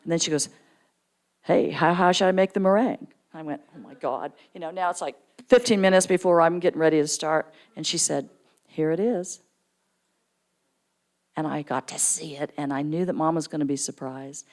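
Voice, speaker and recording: A middle-aged woman giving a storytelling sermon in church, jumping into lively character voices for quoted people. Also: moderate pace. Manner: animated storyteller, acts out quoted voices with big pitch jumps. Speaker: guest speaker at church. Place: church sanctuary.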